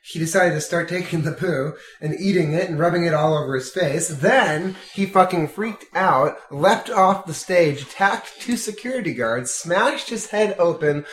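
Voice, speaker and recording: A man's voice: on the high side, normal speed, hardly any pauses, fairly bright tone, echoey room. A young man in casual crude banter, rambling and profane after a few beers. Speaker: friend in group chat.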